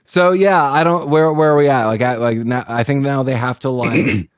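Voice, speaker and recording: A man's voice: medium pitch, moderate pace, clean tone, no echo, clean studio sound. A man co-hosting a casual podcast chat, joking around and laughing often. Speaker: podcast co-host.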